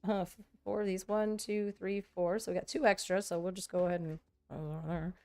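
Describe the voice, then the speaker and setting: A woman's voice: on the low side, level tone, fairly quick, dark tone. A woman vlogger chatting casually and thinking aloud while she sorts trading cards, often poking fun at herself. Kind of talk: casual chat while working.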